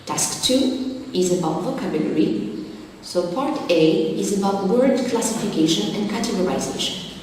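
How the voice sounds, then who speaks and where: A woman's voice: mid-range voice, animated, normal speed, a little mellow, a little hiss or hum. A woman teaching an English lesson, explaining vocabulary and word forms carefully, one term at a time. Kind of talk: slow deliberate classroom explanation. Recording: very echoey hall from far off.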